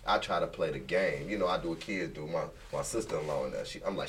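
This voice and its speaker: A man's voice: a bass voice, quick pace. Young guy telling a story, laughs a lot, mic kinda far. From Chicago. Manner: laughing, animated storytelling with acted quotes. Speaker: guest. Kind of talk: casual storytelling. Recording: distant mic with faint noise.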